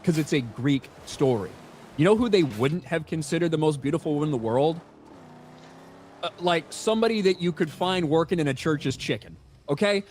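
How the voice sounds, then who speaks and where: A man's voice: on the high side, lively intonation, normal speed, a little mellow, a little hiss or hum. A man laying out an argument at length in a casual panel chat.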